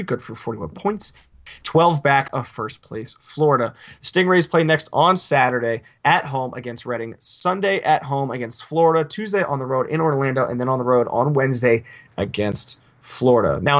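Dry, deadpan male podcast co-host. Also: medium pitch, lo-fi sound. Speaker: podcast co-host giving hockey news. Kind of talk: reading sports results and news.

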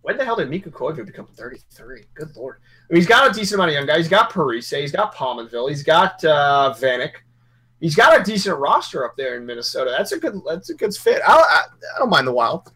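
A man's voice: a little high, big pitch swings, fast talker, a bit bright, slightly rough. A man co-hosting a hockey podcast in casual, rambling chat, joking and correcting himself as he goes.

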